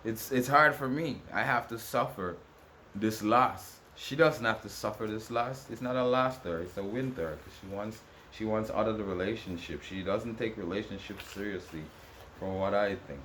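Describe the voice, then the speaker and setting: A man's voice: on the low side, moderate pace, fairly bright tone, slight background noise. A man vlogging to camera in a rambling, repetitive, aggrieved rant with many restarts. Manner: ranting, aggrieved. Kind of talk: casual monologue to camera.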